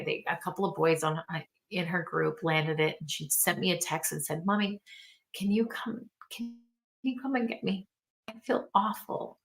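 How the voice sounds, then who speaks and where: Middle-aged woman, mentorship coach, bright voice, earnest storytelling motivational talk. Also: medium pitch. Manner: earnest, storytelling, speaks straight to listeners.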